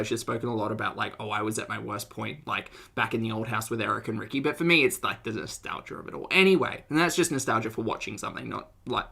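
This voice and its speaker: A woman's voice: rumbling low, creaky, bright, forceful tone. A young woman talking casually to her live-stream chat, giggling often and trailing off into restarts. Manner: addresses her chat directly. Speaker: streamer reacting to videos.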